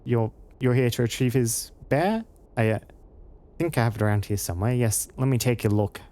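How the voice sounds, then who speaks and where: A man's voice: medium pitch, moderate pace, warm tone, close to an everyday voice. A man reading the lines of a nervous, evasive retired thief in a game. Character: shifty retired male thief.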